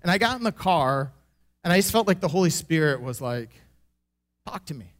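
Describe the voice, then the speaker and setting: A man with a notably high-pitched voice tells a personal faith story into a microphone. He is animated and self-deprecating, and he laughs often at himself as he goes. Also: fairly quick. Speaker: church member giving a testimony.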